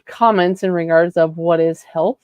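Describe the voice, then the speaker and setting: Brief: woman podcast co-host, lowish voice, dry, slightly dull recording, easygoing and agreeable. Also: fairly even intonation, moderate pace, no room sound. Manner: soft-spoken, agreeable, frequent "um" and "right?". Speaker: podcast co-host and health coach. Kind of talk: casual podcast chat.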